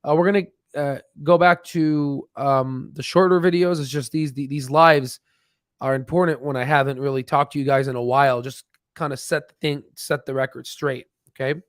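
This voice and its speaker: A tired, yawning stock channel host runs a casual livestream about stocks, rambling with many restarts and fillers. He has a medium-pitched voice with fairly even intonation at normal speed, recorded at studio quality with no echo.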